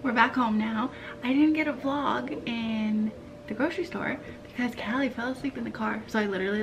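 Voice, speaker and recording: A woman records a casual family vlog on a handheld camera, speaking a little fast with a fairly high pitch over background noise. She's chatty and giggly, nasal from a cold, and talks sweetly to her children.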